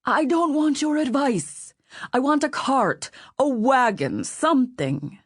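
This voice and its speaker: A woman's voice: sits high, lively intonation, slow, breathy edge, no echo, clean studio sound, voice pushed up, full character voice. A woman voicing a plump, whining middle-aged man who complains constantly.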